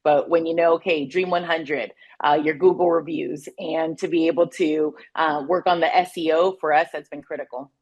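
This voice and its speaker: A woman guest on a business podcast who talks candidly and in a measured way about running her company. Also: sits low, steady tone, darkish tone, breathy edge. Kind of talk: podcast interview.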